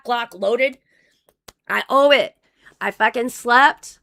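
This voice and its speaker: A woman's voice: on the high side, animated, very slow, pauses often, fairly bright tone. A woman live-streaming casual commentary, reading out donations in a rambling, profane way, with her voice wearing thin. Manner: rambling, profane, with many restarts. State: losing her voice.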